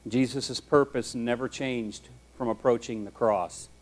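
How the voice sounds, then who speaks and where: A man preaching a sermon as a pastor, telling the story in a conversational, animated way. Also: mid-range voice, measured pace.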